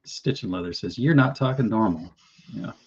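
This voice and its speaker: Husky guy reading chat comments on his stream, dry one-liners, dull lo-fi audio. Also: fairly low pitch, lively intonation, moderate pace, darkish tone. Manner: wisecracking, reads out viewer comments. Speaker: jewelry maker hosting a live stream. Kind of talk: casual live-stream chat.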